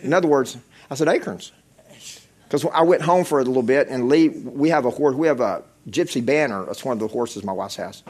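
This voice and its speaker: A man's voice: medium pitch, brisk, darkish tone. A middle-aged man preaching a testimony sermon, telling stories in a conversational way and repeating phrases.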